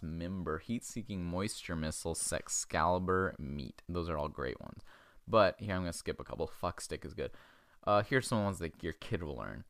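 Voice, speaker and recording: Brief: male comedy host, low voice with a very lively swing, crude and rambling, dry close sound. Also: clean tone, no room sound. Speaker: podcast host. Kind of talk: casual comedic chat.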